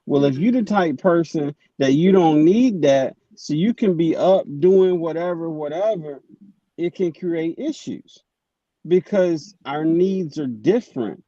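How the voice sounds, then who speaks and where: A man's voice: on the high side, expressive, measured pace, dark tone, dry recording. A man in a casual group chat, patiently explaining his point and checking that listeners follow. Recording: dull dry lo-fi sound.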